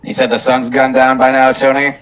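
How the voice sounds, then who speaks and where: A man's voice: mid-range voice, monotone, a little fast, a bit bright, far from the mic. A man playing a tabletop game, chatting casually and asking the game master questions. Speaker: player.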